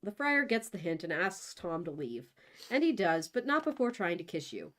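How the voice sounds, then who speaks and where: A woman's voice: on the low side, very animated, normal speed, fairly bright tone. Wry woman narrating a storybook. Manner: wry, conspiratorial storytelling asides. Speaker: co-host reading an interactive book. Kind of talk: casual read-aloud of a choose-your-path story.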